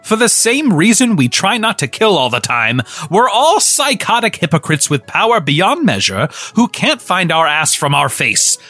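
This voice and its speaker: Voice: medium pitch, sing-song, moderate pace, few pauses, breathy edge, soft background music, full character voice. An actor doing a drunk swaggering old gnome. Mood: callous. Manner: swaggering, swings from sly mutters to loud outbursts. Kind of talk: comedic audio drama.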